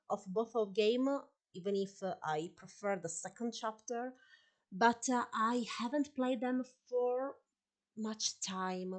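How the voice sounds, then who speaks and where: A woman with an Italian accent, a live streamer chatting casually while she plays, laughing often and apologizing for her English. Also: on the high side. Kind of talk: live-stream gameplay chat.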